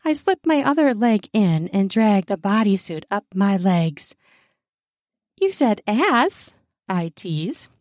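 A woman's voice: mid-range voice, unhurried, few pauses, dark tone, no echo, clean studio sound. A woman narrating a first-person adult romance audiobook in a playful, teasing way.

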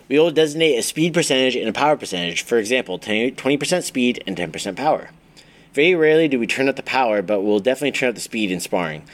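Low-voiced man reading a training book. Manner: steady instructional reading, listing drills item by item; occasional stumbles and restarts. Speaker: Muay Thai coach reading his own book.

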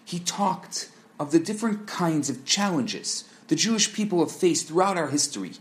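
A man in scripted narration, teaching a Torah lesson in a measured, explanatory way and posing rhetorical questions. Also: on the high side, lively intonation.

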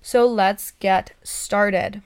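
A woman hosting her own motivational podcast, talking excitedly in an encouraging, pep-talk way. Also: mid-range voice, drawn-out words, background noise. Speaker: podcast host.

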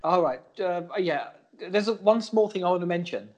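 A man's voice: high-pitched, fairly quick, highs cut off. A man co-hosting a comedy podcast, teasing his partner and reading out scripted jokes. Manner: lively, teasing, reads scripted jokes aloud. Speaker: podcast co-host. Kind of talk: bickering comedy podcast banter.

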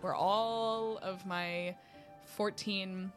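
A woman playing a tabletop role-playing game, describing her character in a gentle, measured way. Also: medium pitch, fairly even intonation, faint music behind. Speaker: player.

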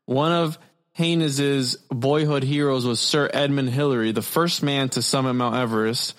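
A man's voice: mid-range voice, fairly even intonation, moderate pace. A young man hosting a casual podcast, reading stories aloud, swearing freely and stumbling over words. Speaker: podcast host.

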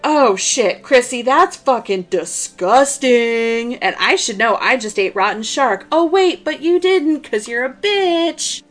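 Woman voicing a crude man, taunting, loud, raised pitch. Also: slow pace, few pauses, soft background music. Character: crude mocking adult man, brother-in-law.

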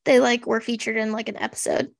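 A woman's voice: fairly high pitch, little pitch movement, brisk, gravelly, no room sound, clean studio sound. A woman co-hosting a podcast, chatting sarcastically about a TV special with lots of "like" fillers. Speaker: podcast co-host. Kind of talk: casual chat recapping a TV special.

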